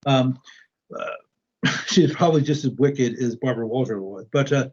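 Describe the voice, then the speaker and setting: A man's voice: medium pitch, moderate pace, darkish tone, highs cut off. A man speaking as a guest in a casual conversation, hesitant and full of restarts. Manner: hesitant, many ums and restarts.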